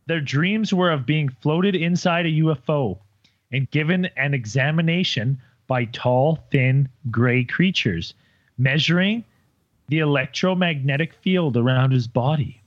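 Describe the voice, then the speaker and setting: A man's voice: a little high, measured pace, no room sound, dull audio. A man in casual group chat, reading stories aloud with stumbles and jokes. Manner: rambling, stumbles over words, joking. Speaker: podcast co-host reading out stories.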